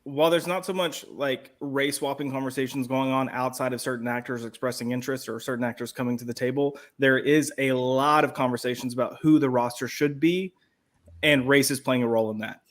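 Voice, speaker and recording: A man's voice: mid-range voice, fairly even intonation, a little fast. A man on a comics panel, speaking thoughtfully and hedging often with "like". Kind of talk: casual panel chat.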